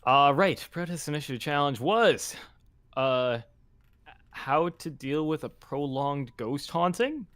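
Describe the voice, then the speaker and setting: A man co-hosting a casual online chat, relaxed and a bit hesitant. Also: a little high, slow, clear, resonant tone.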